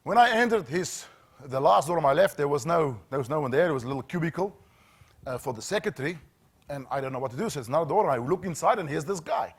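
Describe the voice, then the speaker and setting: South African male trainer with a slightly high voice, dramatic pauses, anecdotal keynote delivery. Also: animated, husky. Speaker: safety training speaker. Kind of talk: storytelling keynote talk. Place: training room with audience.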